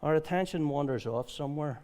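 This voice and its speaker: Here the pastor's pace is brisk. With a voice slightly higher than most, he gives a conversational sermon at a church service, mixing aloud scripture reading with lively, casual stories.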